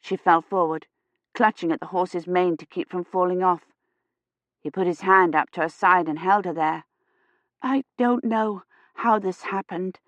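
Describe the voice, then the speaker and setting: A woman reading a science fiction novel aloud in a measured, steady narration. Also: lowish voice, dry recording, highs cut off. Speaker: audiobook narrator. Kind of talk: scripted narration.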